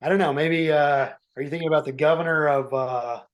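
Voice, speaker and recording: A man's voice: a little high, fairly even intonation, a little fast. A man co-hosting a podcast in casual political chat, often stammering and restarting as he makes his points. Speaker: podcast co-host.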